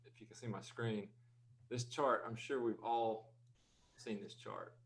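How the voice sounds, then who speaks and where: A man's voice: on the low side, steady tone, measured pace, slight background noise, poor audio. A man speaking emphatically and animatedly on an online panel discussion. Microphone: video call.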